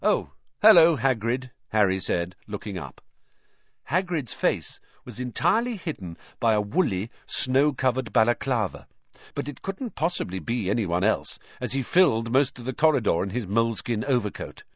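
A male narrator reads a storybook with a lively, widely varied pitch. The recording is dry and slightly dull, with no room sound. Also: moderate pace, dry recording. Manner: expressive, animated delivery. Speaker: audiobook narrator. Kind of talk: storybook reading. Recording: dry, slightly muffled audio.

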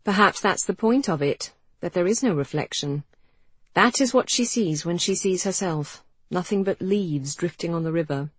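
A narrator voicing a witty young wife who teases her husband in a dry, quick way. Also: mid-range voice, fairly bright tone, husky, no echo. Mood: teasing. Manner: dry, teasing.

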